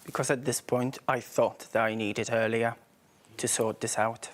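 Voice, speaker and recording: A man answering as a defendant on a TV courtroom show, hesitant and halting. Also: mid-range voice, flat delivery. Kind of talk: TV courtroom testimony.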